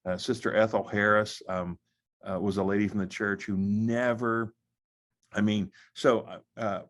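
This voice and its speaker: A man's voice: lowish voice, flat delivery, measured pace, a bit bright. A middle-aged man, an American pastor, telling his story in an interview with many restarts and fillers. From United States. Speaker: pastor and guest. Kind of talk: conversational testimony.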